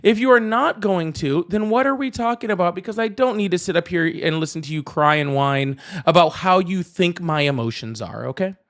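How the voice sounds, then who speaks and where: A man's voice: high-pitched, expressive, brisk, few pauses, a bit bright. A man debating live, insistent and sarcastic, pressing his point over interruptions.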